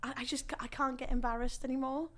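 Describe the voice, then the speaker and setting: A woman's voice: sits high, fairly even intonation, quick pace, a bit bright. A woman guest on a podcast, chatting casually and reading a letter aloud in a giggly, playful way.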